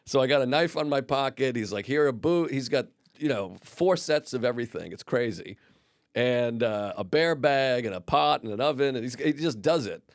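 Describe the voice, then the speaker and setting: A man's voice: medium pitch, expressive, moderate pace, no echo, studio quality. A man from Boston, a comedian guest on a podcast, telling rambling stories in casual chat and swearing freely.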